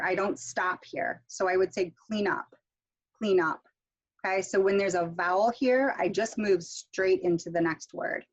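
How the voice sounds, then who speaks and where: A woman's voice: lowish voice, darkish tone, dull audio. A woman instructor leading an online pronunciation workshop, demonstrating intonation with example sentences and a casual, filler-heavy manner that checks in with "okay?".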